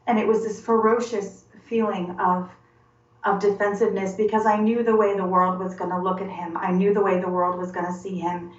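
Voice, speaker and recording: Halting, earnest woman in her forties. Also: mid-range voice, level tone. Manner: halting and earnest, repeating words as she searches. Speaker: interview guest. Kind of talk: personal testimony interview. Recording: roomy, distant and dull-sounding.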